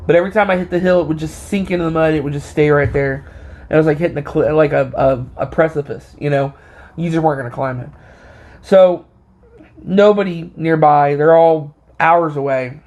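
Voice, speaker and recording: Rambling, slightly high-voiced man. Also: a little mellow, dull audio. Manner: rambling, with many fillers and restarts. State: short of breath. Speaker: vlogger. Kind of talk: casual storytelling.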